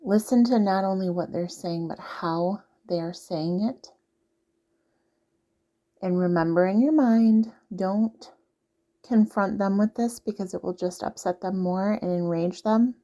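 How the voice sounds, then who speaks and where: This relationship-advice vlogger has a medium-pitched, dark-toned voice and takes her time. She talks earnestly straight to the listener in a relaxed monologue, restating what she says.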